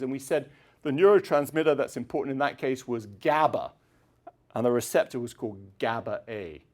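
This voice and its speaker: Middle-aged guy lecturing in a hall, chatty, keeps clearing his throat, voice bounces up and down a lot. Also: on the high side. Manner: chatty, digressive, frequent throat clearing and fillers. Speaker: university lecturer. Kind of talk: public lecture.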